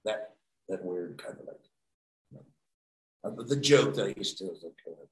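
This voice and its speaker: A middle-aged actor telling rambling, profane anecdotes in a casual interview. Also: male voice, sits low, animated, moderate pace, long pauses, roomy sound, poor audio.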